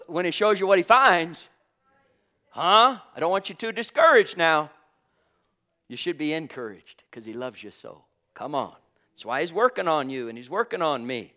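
An animated man preaching a sermon, his voice high and bright. He swings widely in pitch as he calls out for amens and chuckles between points.

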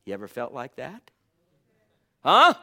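A man preaching a sermon, fervent, swinging from loud exclamations to hushed asides and calling out to the congregation. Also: medium pitch, wildly swooping pitch, unhurried, vocal fry. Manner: calls out to the congregation and chuckles often.

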